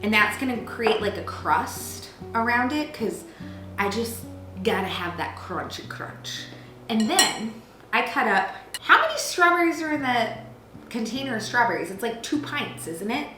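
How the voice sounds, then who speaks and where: A woman's voice: fairly high pitch, sing-song, measured pace. A woman in her thirties hosting a cooking show from her kitchen, chatting playfully and telling stories with lots of fillers. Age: 30s. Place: home kitchen. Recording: roomy kitchen with music behind.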